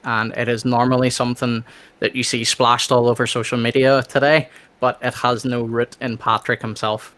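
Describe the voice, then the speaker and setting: A man from Ireland with an Irish accent, a guest calmly explaining history in a casual chat. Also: mid-range voice.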